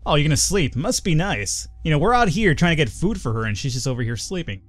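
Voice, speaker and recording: Lively, rambling male gamer. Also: fairly high pitch, fast, dry recording, faint music behind. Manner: rambling, profane, off-the-cuff. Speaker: let's play gamer. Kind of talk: casual gameplay commentary.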